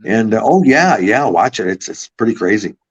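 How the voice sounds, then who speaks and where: A man's voice: on the low side, lively intonation, normal speed, breathy edge. A man from Buffalo, New York, a podcast guest, telling long rambling stories with swearing. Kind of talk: casual storytelling. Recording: slightly muffled audio.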